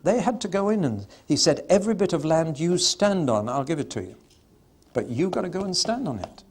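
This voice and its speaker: A man's voice: on the high side, lively intonation, brisk, darkish tone. A man giving a Bible teaching talk to an audience, emphatic and conversational with dry humor, swelling suddenly on stressed words and drawing them out.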